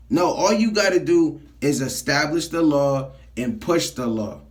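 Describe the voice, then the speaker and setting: A man's voice: a little high, moderate pace, few pauses. A man preaching from scripture, reading verses aloud and then explaining them in plain talk, often checking in with "all right?". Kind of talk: street sermon teaching scripture.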